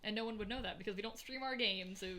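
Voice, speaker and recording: A woman co-hosting a podcast, a dungeon master chatting casually with quick asides. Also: medium pitch, a crowd in the background. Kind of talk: casual chat.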